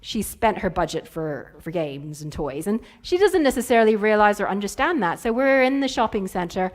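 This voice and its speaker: A woman's voice: medium pitch, sing-song, moderate pace. A woman, telling playful stories in a conference keynote. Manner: playful storytelling with acted-out quotes. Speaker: keynote speaker.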